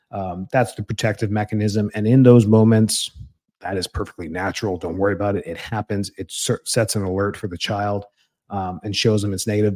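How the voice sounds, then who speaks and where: Male, 30s, chiropractor-host; casual, low, mellow advice voice. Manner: conversational, with many fillers and restarts, acts out parent and child lines.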